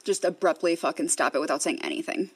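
A woman's voice: low voice, fast, a little hiss or hum. A woman co-hosting a podcast in casual chat, teasing in a dry way. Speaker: podcast co-host.

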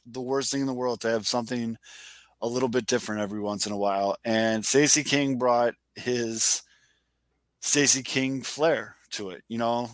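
A man's voice: mid-range voice, fairly even intonation, moderate pace, no room sound. A man co-hosting a sports podcast, telling stories animatedly and swearing casually. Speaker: podcast co-host.

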